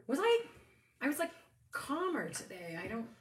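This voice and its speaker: A woman co-hosting a casual beer-tasting show, chatty and giggly with soft asides. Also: high voice, huge pitch swings, moderate pace. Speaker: podcast co-host. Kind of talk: casual chat. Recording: echoey room, mic at a distance, faint hiss.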